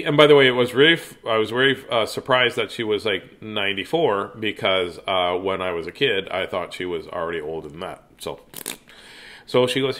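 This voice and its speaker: A man's voice: on the low side, fairly quick, a bit bright. A man from Canada telling a funny story and reading a children's book aloud in a playful, joking way.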